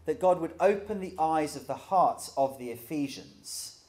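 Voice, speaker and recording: Lively, conversational male preacher. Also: on the high side, unhurried. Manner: conversational and lively, with dry humor. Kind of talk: sermon.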